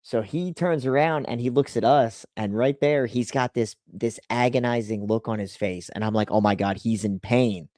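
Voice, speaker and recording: A man who works as a race team spotter, casually telling a story with animated delivery and lots of "like" and "you know". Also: mid-range voice, moderate pace, hardly any pauses, no echo, studio quality.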